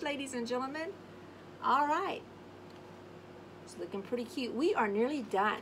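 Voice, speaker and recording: A woman hosting a casual craft tutorial, chatting warmly to viewers and humming little scat tunes as she works. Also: high-pitched, animated, normal speed, long pauses, very noisy. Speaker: craft video host. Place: home craft space on an acreage.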